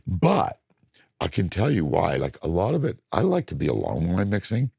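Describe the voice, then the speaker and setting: Gravelly deep-voiced older man. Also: moderate pace, no echo. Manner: animated storytelling, acts out studio voices. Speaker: record producer. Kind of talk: casual interview talk.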